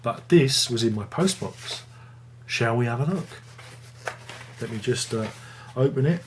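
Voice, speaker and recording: A man's voice: medium pitch, lively intonation, unhurried, a little hiss or hum. A man hosting a casual music review video, rambling and joking at his own expense. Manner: rambling, jokey, self-mocking.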